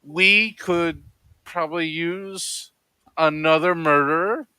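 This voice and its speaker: A man chats casually at a tabletop game and laughs often. His voice is bright and slightly high, and he talks slowly with a lively melody. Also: clear, resonant tone, dry recording. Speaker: player.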